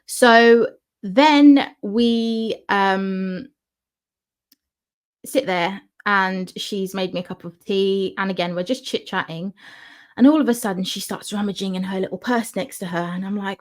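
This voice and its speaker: A woman's voice: medium pitch, measured pace. Young woman vlogging, chatty storytelling, does little voices for quotes. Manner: animated, acts out quotes in her story. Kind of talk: casual storytelling.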